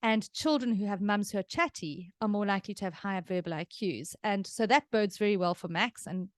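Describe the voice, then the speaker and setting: A woman's voice: medium pitch, brisk, no room sound, clean studio sound. A middle-aged woman with a South African accent, hosting a podcast and giving chatty, explanatory parenting advice. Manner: chatty, explanatory, laughs easily. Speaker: podcast host, parenting expert. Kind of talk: casual advice chat.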